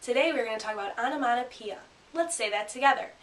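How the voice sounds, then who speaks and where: A woman teacher giving a grammar lesson and reading a picture book aloud, speaking clearly and punching out the sound words. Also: on the high side, quick pace, slight background noise. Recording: roomy sound from a distant mic.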